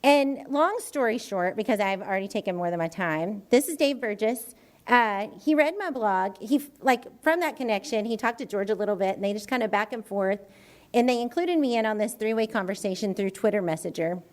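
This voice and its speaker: A woman educator telling an animated story in a presentation to a school board, acting out her own quoted reactions. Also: mid-range voice, a little fast. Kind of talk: enthusiastic public presentation. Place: school board meeting room.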